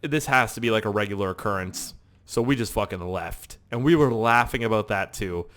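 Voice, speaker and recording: A man's voice: on the low side, a little fast, a bit bright. Rambling, profane gamer guy. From Canada. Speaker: gaming YouTuber. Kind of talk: casual storytelling over gameplay.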